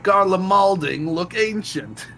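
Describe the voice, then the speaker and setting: A man's voice: high-pitched, lively intonation, slow, a bit bright, soft background music, voice pushed up, exaggerated voice. A man doing an eager sidekick mechanic. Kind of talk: reading game dialogue aloud on a stream.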